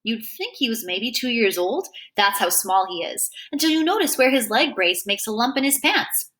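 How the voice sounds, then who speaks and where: A woman reading a novel aloud with animated first-person narration. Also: fairly high pitch, normal speed. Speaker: reader.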